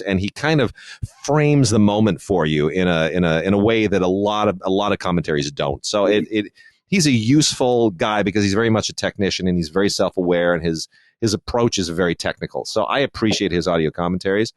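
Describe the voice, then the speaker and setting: Low-voiced man in a dry podcast chat. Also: expressive, fairly quick, no echo. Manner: thoughtful, digressive, frequent restarts and fillers. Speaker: podcast co-host reviewing home video releases. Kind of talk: casual podcast discussion.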